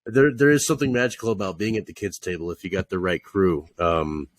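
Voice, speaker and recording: A man co-hosting a podcast in casual chat, rambling with lots of fillers and deadpan jokes. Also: deep voice, a little fast, no room sound. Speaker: podcast co-host.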